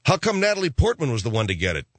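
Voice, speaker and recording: Sarcastic middle-aged male storyteller, lively pitch, dry booth sound. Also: racing, no room sound. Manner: sarcastic, profane, rambling. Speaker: comic storyteller. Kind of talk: ranting comic monologue.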